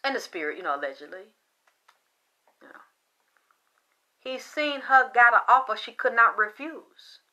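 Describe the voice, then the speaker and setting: A woman hosting a video, telling a rambling conspiracy story in an animated, conspiratorial way that swings between loud and soft. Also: fairly high pitch, normal speed, pauses often. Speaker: video host.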